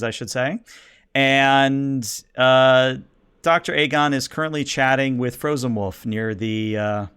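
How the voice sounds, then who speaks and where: A man running a tabletop game as game master, narrating in a relaxed, conversational way. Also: medium pitch, clear, resonant tone.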